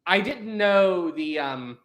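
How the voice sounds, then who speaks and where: A man's voice: sits high, lively intonation, slow, fairly bright tone. A young man hosting a casual livestream, rambling and laughing often as he reads out chat messages. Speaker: livestream host. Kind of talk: casual live chat reading Super Chats.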